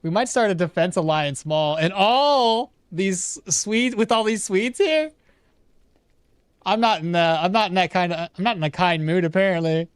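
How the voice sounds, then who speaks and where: A man's voice: sits high, lively intonation, moderate pace, clean tone, no room sound, clean studio sound. A man streaming a game, talking casually and rambling to his viewers, often correcting himself mid-sentence. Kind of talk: casual gameplay commentary.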